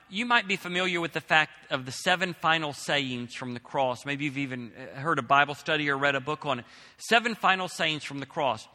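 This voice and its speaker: A male pastor preaches a sermon, reading scripture aloud and then explaining it with emphasis. His voice is very bright and a little higher than most men's. It rings out with the long reverb of a large hall.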